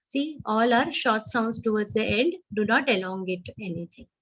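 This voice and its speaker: A woman teaching Sanskrit verse recitation in an online class, chanting each line slowly and carefully before explaining the sounds. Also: fairly high pitch, lively intonation, a bit bright, poor audio. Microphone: online call microphone.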